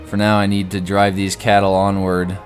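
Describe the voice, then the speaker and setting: A man's voice: sits low, monotone, normal speed, soft background music. A man giving casual, rambling gameplay commentary, full of "like" and sudden exclamations. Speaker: gaming video host.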